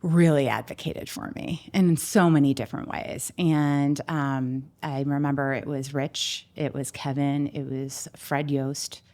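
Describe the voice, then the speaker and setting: Guest slot: middle-aged woman exec, low voice, heartfelt storyteller, casual interview talk. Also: unhurried, few pauses. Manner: heartfelt storytelling, animated pitch swings. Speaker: guest, restaurant marketing executive.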